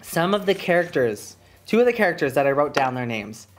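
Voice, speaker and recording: A woman co-hosting a casual podcast chat, animated and swearing freely, acting out quotes. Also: deep voice, fairly quick, a little hiss or hum. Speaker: podcast co-host recapping a reality show.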